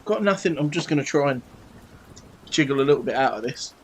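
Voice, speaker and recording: A man's voice: mid-range voice, lively intonation, brisk, slight background noise, poor audio. A British man in his thirties chatting cheekily and swearing playfully while painting on a live stream at his home desk. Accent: British English. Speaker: livestreamer painting models.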